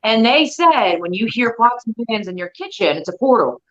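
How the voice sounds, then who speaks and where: A woman joking around in a casual chat, talking in quick bursts. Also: a little high, very animated, a bit bright, muffled recording. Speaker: guest.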